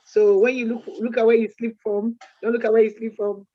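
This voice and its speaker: Chatty woman co-hosting, slightly high voice. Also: little pitch movement, brisk, no echo. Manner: chatty, shares proverbs, frequent restarts. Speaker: event co-host. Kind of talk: closing remarks at a community event. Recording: dull lo-fi sound.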